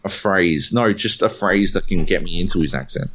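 A man co-hosting a podcast in casual, animated chat, rambling and swearing freely. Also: sits low, normal speed, few pauses. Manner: animated, profane, rambling with fillers. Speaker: podcast co-host.

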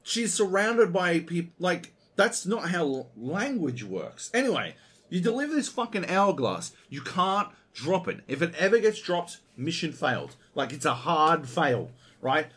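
A man's voice: a little high, very animated, unhurried, fairly bright tone, breathy edge. A man co-hosting a video game podcast, ranting in a casual, profane and exasperated way. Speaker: podcast co-host.

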